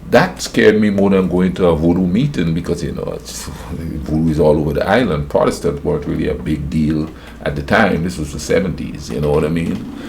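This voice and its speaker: An older man with a low voice tells a story from his youth in a relaxed, chatty way. His voice has a gravelly edge, and he breaks into acted-out voices and laughter. A faint hiss runs under the recording. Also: fairly quick. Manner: animated, acts out voices, laughs often. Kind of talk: casual storytime monologue.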